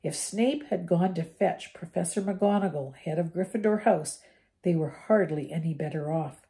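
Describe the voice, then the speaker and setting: A woman's voice: lowish voice, normal speed. Grandmother reading a storybook aloud. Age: older. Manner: expressive, warm-paced reading with small slips. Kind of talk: reading a children's novel aloud.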